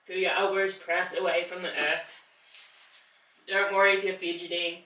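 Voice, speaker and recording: A woman's voice: fairly low pitch, little pitch movement, moderate pace, bright, forceful tone, roomy sound, recorded from a distance, low-quality recording. A woman leading a yoga class, cheering the listener on as she holds the poses herself and strains along with them. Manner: encouraging, pushes through effort and laughs at the strain. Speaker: yoga instructor. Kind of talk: guided yoga class instruction.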